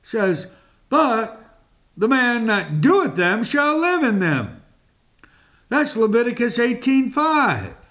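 A man preaching a sermon in a deliberate, emphatic way, with long pauses between phrases. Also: very high voice, wildly swooping pitch, a bit bright.

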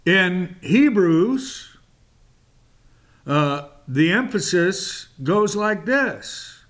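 A man hosting a Bible teaching show, speaking in a measured, emphatic way with long pauses and fillers. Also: high voice, animated, a bit bright. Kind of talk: slow, deliberate Bible teaching.

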